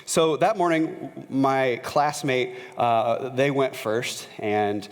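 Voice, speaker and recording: A male pastor preaching a sermon in a conversational way, telling a personal story with frequent "uh" fillers and growing animated as he tells it. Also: medium pitch, takes it slowly. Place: church sanctuary. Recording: long reverb of a large church hall.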